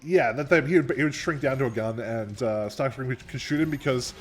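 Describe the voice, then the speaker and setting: A man's voice: medium pitch, brisk. A young man co-hosting a gameplay video, rambling in casual chat, laughing often and swearing casually. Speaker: gameplay co-host. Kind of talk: casual let's-play chat.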